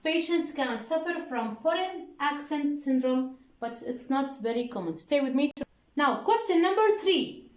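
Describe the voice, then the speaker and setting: A woman teaching an English workbook lesson with an Arabic accent, slowly repeating answers and prompting the class with questions. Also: high-pitched, expressive, a little mellow, echoey room, poor audio. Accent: Arabic-speaking. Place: classroom with a board.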